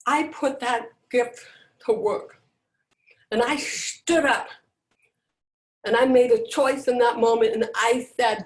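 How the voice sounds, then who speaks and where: A middle-aged woman giving a personal motivational talk, emphatic and dramatic, with deliberate pauses, over a video call. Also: on the high side. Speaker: motivational speaker. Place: indoors, at home on a video call. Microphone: video call microphone. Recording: roomy echo.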